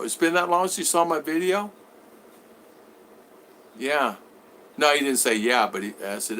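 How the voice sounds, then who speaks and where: Bright-voiced man telling rambling stories. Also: medium pitch, lively intonation, normal speed, slight background noise. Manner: rambling storyteller who acts out voices. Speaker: vlogger. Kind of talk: casual live-stream chat.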